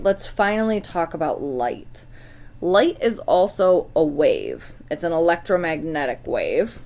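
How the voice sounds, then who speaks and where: A woman teaching a science lesson, talking casually and putting questions straight to her students. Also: fairly low pitch. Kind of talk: recorded classroom lesson.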